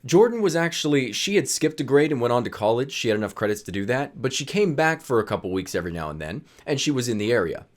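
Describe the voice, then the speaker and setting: A young man casually telling funny stories from his high school days, acting out what his friends said and laughing as he goes. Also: quick pace, few pauses. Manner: animated, laughs while telling, acts out friends' lines. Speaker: storyteller vlogger. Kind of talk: casual storytelling.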